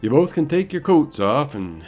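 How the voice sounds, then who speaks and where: A man voicing a young frontier mother who speaks softly and hesitantly. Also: medium pitch, sing-song, normal speed, soft background music, pitched above the performer's own voice. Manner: soft, hesitant.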